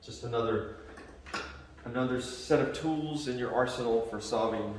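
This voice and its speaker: A man's voice: medium pitch, normal speed, a little hiss or hum. A male math teacher lecturing a class in a joking, conversational way, often checking in with his students. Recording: echoey classroom from far off.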